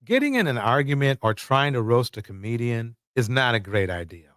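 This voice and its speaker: A man's voice: mid-range voice, expressive, normal speed, a bit bright, dry recording, studio quality. A man hosting livestream commentary, emphatic and repeating words for effect. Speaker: commentary host.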